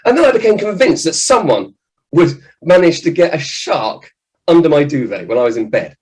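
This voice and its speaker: A man, a children's author, giving a lively, jokey talk to children at an event. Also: on the high side, normal speed, rough recording. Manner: animated, jokey, acts out scared voices.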